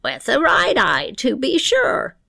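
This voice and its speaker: A woman's voice: on the high side, huge pitch swings, slow, gravelly, bright, forceful tone, no room sound, heavily acted. A woman playing a bold old village dame. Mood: bold taunting.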